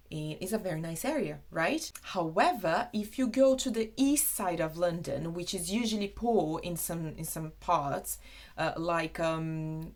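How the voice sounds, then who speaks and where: A young Brazilian woman whose first language is Portuguese, teaching British expressions in a chatty, animated video lesson. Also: on the low side. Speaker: English teacher.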